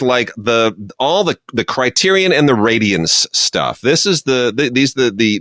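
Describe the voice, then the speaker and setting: A man co-hosting a podcast in casual film chat, enthusiastic and quick with asides. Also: medium pitch, fairly bright tone, dry recording. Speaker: podcast co-host.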